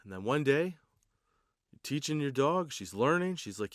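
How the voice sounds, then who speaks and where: A man's voice: medium pitch, sing-song, moderate pace, long pauses, no room sound, clean studio sound. A man hosting a comedy podcast, rambling through a casual, profane stoner monologue. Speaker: podcast host. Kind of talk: comedic stand-up style monologue.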